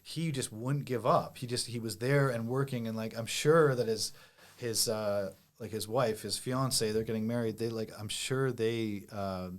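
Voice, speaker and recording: A comedian guest talking casually on a podcast, rambling with many restarts and lots of "like". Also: male voice, on the low side, steady tone, measured pace. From Canada. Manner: rambling, heavy use of "like" and restarts.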